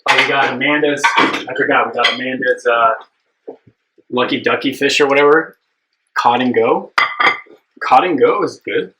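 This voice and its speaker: A man's voice: medium pitch, moderate pace, pauses often, background noise. A young man hosting a live cooking stream, chatting casually and upbeat with his viewers, rambling with plenty of fillers.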